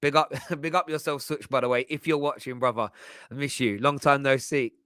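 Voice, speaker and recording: A man's voice: medium pitch, fairly even intonation, brisk, sharp tone, clear, resonant tone, no room sound, clean studio sound. A man hosting football fan commentary, talking in a passionate, emphatic way. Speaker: football channel host.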